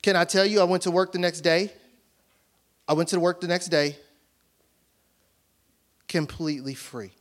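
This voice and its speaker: A man preaching as a pastor in a church, telling a personal story with animated voices for each side of a conversation and laughing often as he talks. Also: high-pitched, moderate pace, pauses often. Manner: animated storytelling, acting out both sides of conversations; laughs often while talking. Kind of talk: sermon.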